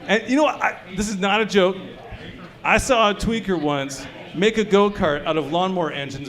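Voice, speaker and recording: High-voiced man doing crude stand-up. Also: fairly bright tone. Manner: crude, conversational, quizzing the crowd. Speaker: stand-up comedian. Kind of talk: stand-up comedy set. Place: brewery comedy showcase.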